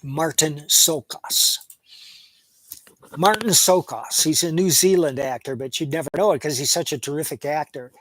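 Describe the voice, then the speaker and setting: A man's voice: on the high side, fairly quick, hardly any pauses, dry recording, low-quality recording. A man giving a casual, opinionated film review, speaking plainly as he retells the plot at length. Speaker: movie reviewer.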